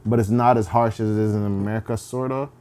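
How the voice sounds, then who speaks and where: A man co-hosting a podcast in casual chat, animated and quick to act out bits. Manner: animated, acts out loud high-pitched impressions while laughing. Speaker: podcast co-host.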